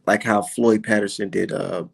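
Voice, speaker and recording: A man giving a profane, excitable reaction to boxing clips on his vlog, swearing and mocking as he talks. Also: on the low side, normal speed, creaky, slightly rough. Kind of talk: profane casual reaction commentary.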